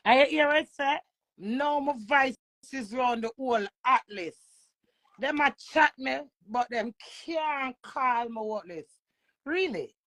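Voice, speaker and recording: A woman's voice: high-pitched, animated, slow pace, fairly bright tone, no echo. A woman with a Jamaican accent chatting casually on a livestream, playful and boastful in patois. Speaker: livestream host.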